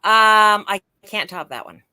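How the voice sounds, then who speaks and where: A woman's voice: deep voice, a little fast, a crowd in the background. A woman who is a radio host, chatting casually and hesitantly, often breaking off and restarting her sentences. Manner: hesitant, with many fillers and restarts. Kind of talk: casual chat.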